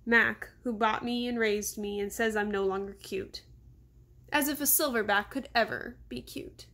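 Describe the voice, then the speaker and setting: A woman calmly reading a children's novel aloud. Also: a little high, normal speed. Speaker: reader.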